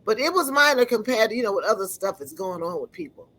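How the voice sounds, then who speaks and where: A woman giving an earnest personal testimony, often pausing to search for words. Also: a little high, animated, a bit bright, rough recording.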